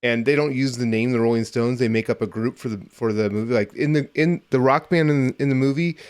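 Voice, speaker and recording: A man in his fifties talking loosely in casual podcast chat, winding through long stories and dropping the odd curse word. His voice sits at an ordinary middle pitch. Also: fairly quick, darkish tone, clear, resonant tone. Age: 50s. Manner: rambling storyteller, swears casually. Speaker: podcast host.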